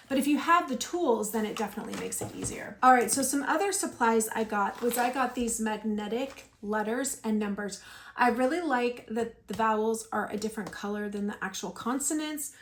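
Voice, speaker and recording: A woman homeschooler walks through her purchases one by one in a chatty, step-by-step way. Her voice sits a little high. The room rings with echo, and there's a faint hiss underneath. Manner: chatty, explains each item step by step. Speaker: homeschooling parent. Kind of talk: casual show-and-tell haul video.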